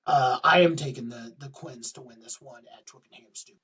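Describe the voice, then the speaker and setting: A man's voice: medium pitch, normal speed, bright, forceful tone, slightly rough, distant mic, poor audio. A man co-hosting a rugby podcast, running through match previews in casual chat with plenty of fillers. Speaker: podcast co-host.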